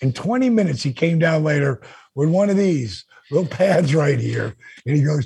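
A man's voice: a little high, moderate pace, gravelly, slightly rough, no room sound. A man co-hosting a podcast, telling a story in casual chat and acting out the dialogue with energy. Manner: animated, acts out quoted dialogue. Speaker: podcast co-host.

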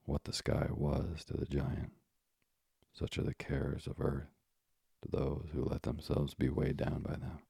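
A man reading a classic tale aloud as a calm, measured bedtime story narrator. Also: rumbling low, gravelly, breathy edge, dry recording. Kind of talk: slow, soothing sleep-story reading.

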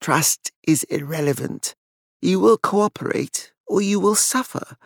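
A man's voice: high voice, a little slow, creaky, no echo, clean studio sound, pitched above the performer's own voice. A man voicing a composed, cold-spoken woman in an audiobook, level and commanding.

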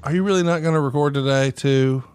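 A man's voice: mid-range voice, fast talker, a little mellow, clean tone, no room sound. A man from the American South co-hosting a podcast, chatting casually and teasing his partner. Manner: teasing, joking. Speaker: podcast co-host. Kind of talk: casual chat.

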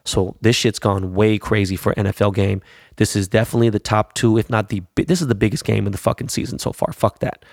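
A man's voice: on the low side, fairly even intonation, fast, vocal fry, dry recording, studio quality. A man chatting casually about his weekend in a slangy, profane, rambling way. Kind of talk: casual chat.

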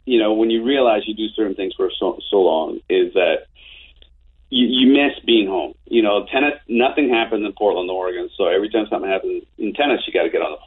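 A man in his fifties telling animated anecdotes as an interview guest, with frequent restarts. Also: lowish voice, fast talker, slightly rough. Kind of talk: casual storytelling. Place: home office. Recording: tinny phone-like line.

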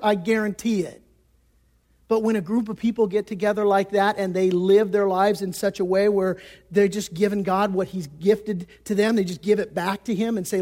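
A man preaching a sermon as the pastor. He talks in a relaxed, conversational way and acts out the voices of the people he quotes. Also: high voice. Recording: long reverb of a church hall.

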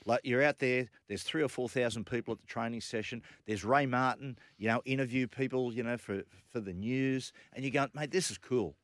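A man co-hosting a radio show, telling animated stories and acting out what people said. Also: medium pitch, a little fast, hardly any pauses, no echo, studio quality. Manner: animated anecdotes with acted quotes. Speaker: radio co-host. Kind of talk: casual storytelling on radio.

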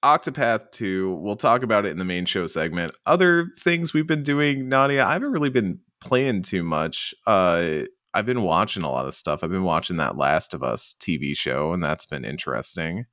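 A man, co-hosting a podcast in a lively, laughing, rambling way. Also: low-pitched, no echo, clean studio sound. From Southern United States. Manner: animated, quick to laugh, rambling with restarts. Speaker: podcast co-host. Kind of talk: casual podcast chat.

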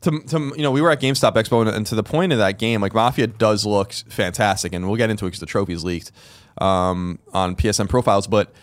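A man co-hosting a gaming podcast talks in a casual, rambling way, often restarting his sentences. His voice is low and smooth, and the studio mic sounds close and dry. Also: fast talker, dry recording. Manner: rambling, hesitant, many restarts and fillers. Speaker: podcast co-host. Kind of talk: casual chat.

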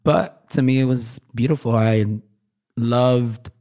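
A man's voice: mid-range voice, steady tone, slow pace, mellow. A man from Brooklyn, a designer telling stories in a casual interview, rambling with lots of fillers and sometimes getting emotional. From Brooklyn, New York. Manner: candid, rambling, many "like" fillers; gets emotional, laughs often. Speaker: fashion designer guest.

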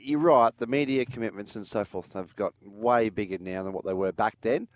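An older Australian man chatting casually on a motorsport show, telling stories in a lively way and acting out what others said. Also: lowish voice, normal speed, no echo, clean studio sound. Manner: animated storyteller, acts out quotes with laughs. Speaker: co-host, former racing driver. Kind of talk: casual chat.

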